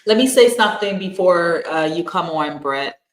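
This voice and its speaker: A woman's voice: lowish voice, lively intonation, normal speed, reverberant, low-quality recording. A woman hosting a live stream, telling viewers to like, comment and join. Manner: direct, gives viewer instructions.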